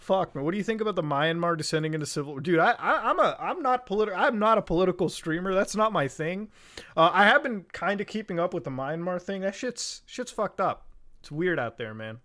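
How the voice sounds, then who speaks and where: A young man chatting casually on a livestream, swearing a lot, getting excited and laughing often. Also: sits high, brisk. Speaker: streamer.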